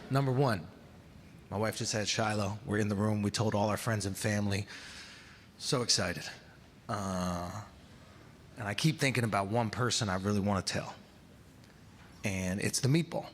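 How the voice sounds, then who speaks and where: A man's voice: fairly low pitch, moderate pace, pauses often, slight background noise. Male comedian in a reverberant theater. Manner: storytelling, acts out dialogue, swings from hushed to shouting. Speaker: stand-up comedian. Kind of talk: stand-up storytelling. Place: large theater stage before a live audience. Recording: live theater with long reverb and crowd ambience.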